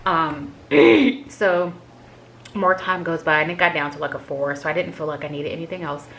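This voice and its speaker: A woman's voice: low voice, fairly even intonation, moderate pace, a bit bright, low-quality recording. A woman vlogger candidly recounting a personal experience in a casual, chatty way, full of "like" fillers. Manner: chatty, filler-heavy with frequent "like". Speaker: vlogger sharing a health update.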